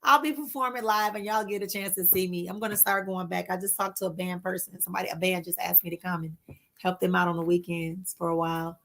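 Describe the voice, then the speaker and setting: A woman hosting a casual spiritual livestream, talking warmly to her viewers and reassuring them with slow, repeated phrases. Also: lowish voice, fairly even intonation. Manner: warm, reassuring, addresses viewers as "my love" and "honey"; drawn-out soothing repetitions.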